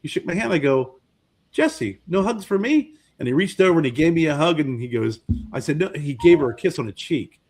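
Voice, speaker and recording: He's a podcast co-host with a highish voice and a quick pace, chatting casually. Telling his stories with animation, he performs the voices of the people he's quoting.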